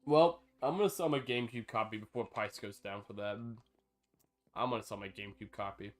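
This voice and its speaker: Chatty male streamer, rambling and excitable. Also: lowish voice, brisk. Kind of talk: casual live-stream chat while gaming.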